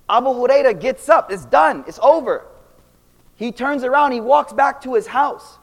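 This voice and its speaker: Young man, high voice, lively slangy storytelling, long hall echo. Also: normal speed. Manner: animated, slangy, shifting loud and quiet. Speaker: speaker giving an Islamic talk. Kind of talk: casual storytelling lecture.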